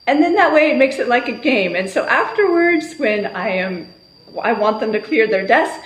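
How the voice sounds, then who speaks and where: Woman teacher, fairly high voice, calm explaining, loud sing-song calls, echoey room. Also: moderate pace, slight background noise. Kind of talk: instructional talk on classroom routines.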